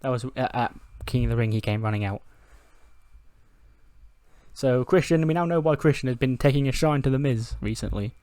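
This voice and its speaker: A man's voice: mid-range voice, normal speed, pauses often, a little mellow, clear, resonant tone, no room sound. Chatty man commentating a wrestling sim game. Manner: chatty, laughs at himself, reads out scores. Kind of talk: casual let's-play commentary.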